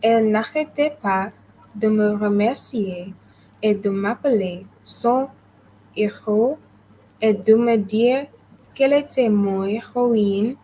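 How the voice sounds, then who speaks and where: A woman student reads a passage aloud slowly and haltingly, each phrase placed with care. Her voice is rather high and mellow, with faint noise in the background. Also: poor audio. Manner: careful, halting, polite.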